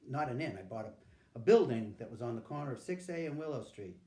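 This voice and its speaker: Telling his life story frankly in an interview, this older veteran acts out the quotes of people he mentions. His medium-pitched voice is warm and fast with lively intonation, heard in an echoey room.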